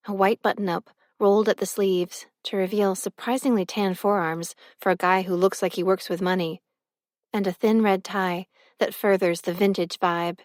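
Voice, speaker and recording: A woman reading a first-person novel as an audiobook narrator, expressive and close to the mic. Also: medium pitch, no echo.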